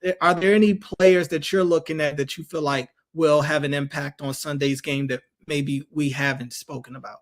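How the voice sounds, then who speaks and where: A man's voice: fairly high pitch, steady tone, moderate pace, few pauses. A man hosting a sports radio show, asking long rambling questions with fillers. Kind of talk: casual sports radio chat.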